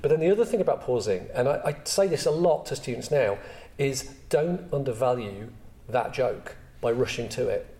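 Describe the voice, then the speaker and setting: A man's voice: medium pitch, lively intonation, moderate pace, hardly any pauses, mellow. A male host who teaches comedy explains his points patiently in conversation. Faint room noise sits behind his voice. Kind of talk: casual chat. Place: studio.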